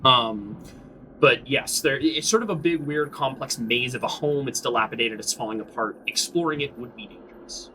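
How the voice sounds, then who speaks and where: A man's voice: mid-range voice, normal speed, pushed and bright, a little hiss or hum, rough recording. A man narrating a tabletop role-playing game as game master, rambling and full of fillers.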